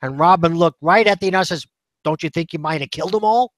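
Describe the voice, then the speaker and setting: A man's voice: fairly high pitch, quick pace, fairly bright tone, no echo. A man telling easygoing anecdotes in casual chat as a podcast guest.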